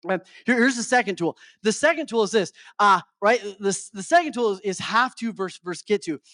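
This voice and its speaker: A man's voice: high voice, animated, brisk, bright, forceful tone, no room sound, clean studio sound. A middle-aged man giving a motivational talk to a live audience as a life coach. He keeps checking in with his listeners and often stumbles over and repeats his words.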